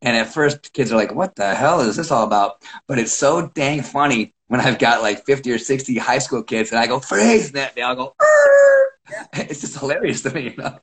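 A wrestling coach, a man, telling animated stories about his practices in a casual chat, acting out quotes and often restarting sentences. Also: mid-range voice, fairly quick, low-quality recording. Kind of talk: casual podcast storytelling.

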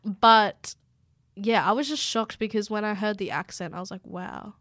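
Bright-voiced young woman chatting. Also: mid-range voice, steady tone, normal speed, dry recording, studio quality. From Australia. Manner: chatty, giggly, lots of "like" fillers. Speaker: podcast co-host. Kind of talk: casual chat.

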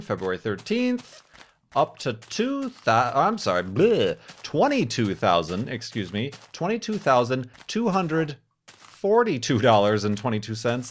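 Playful, animated male gameplay host. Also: medium pitch. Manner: chatty and playful, with jokey mock-formal asides. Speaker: game series host. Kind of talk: casual gameplay commentary.

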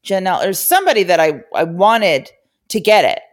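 A woman's voice: fairly low pitch, very animated, fairly quick. A woman co-hosting a podcast, chatting casually and often answering with short agreements. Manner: lots of short backchannel agreement. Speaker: podcast co-host. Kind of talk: casual chat.

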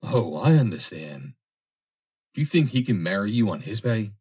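A man's voice: lowish voice, sing-song, moderate pace, darkish tone, slightly rough. A man voicing a jealous, possessive suitor who pleads and turns bitter. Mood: bitter, snarling.

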